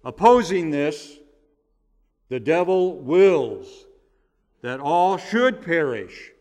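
Male pastor, slightly high voice, deliberate emphatic sermon delivery, reverberant sanctuary. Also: sing-song, darkish tone. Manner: measured, emphatic preaching with stressed repeated words. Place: church sanctuary.

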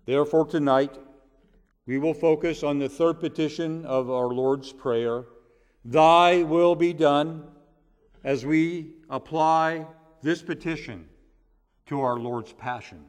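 Male pastor, slightly high voice, deliberate emphatic sermon delivery, reverberant sanctuary. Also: clear, resonant tone. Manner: measured, emphatic preaching with stressed repeated words. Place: church sanctuary.

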